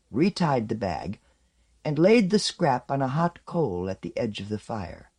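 Male narrator for fiction: unhurried delivery with a lively, varied melody. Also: mid-range voice. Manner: slow, expressive storytelling. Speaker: audiobook narrator. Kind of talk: scripted narration.

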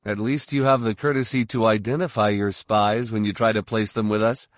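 A man's voice: on the low side, fairly even intonation, fairly quick, no room sound, close to an everyday voice. A man voicing a dry, wry warrior master in an audiobook. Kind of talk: audiobook character voice.

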